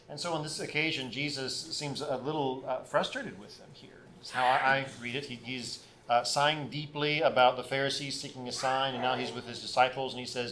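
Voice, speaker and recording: A man preaching a sermon and reading scripture aloud, pausing often on "uh" and growing louder and higher when he reads the quoted passages. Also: a little hiss or hum. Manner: frequent "uh" fillers, rises in pitch and volume when reading scripture. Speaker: pastor.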